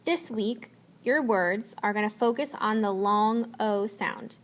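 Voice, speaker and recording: A woman teacher giving a spelling lesson, slowly and patiently sounding out letters and words. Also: medium pitch.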